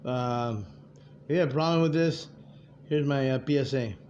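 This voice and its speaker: A man's voice: medium pitch, moderate pace, darkish tone. A man in his fifties giving a rambling, profane, streetwise monologue to his viewers. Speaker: vlogger addressing viewers. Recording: dull lo-fi audio with faint background noise.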